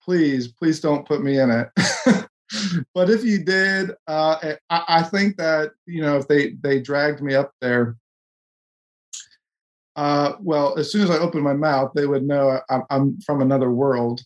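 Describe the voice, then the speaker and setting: A man from the Coast, talking in an earnest, self-deprecating, halting way as a podcast co-host in a casual discussion. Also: a little high. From US West Coast.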